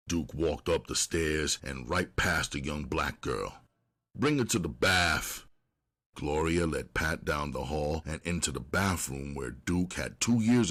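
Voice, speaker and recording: A man narrating an audiobook in a steady, unhurried storytelling manner. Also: rumbling low.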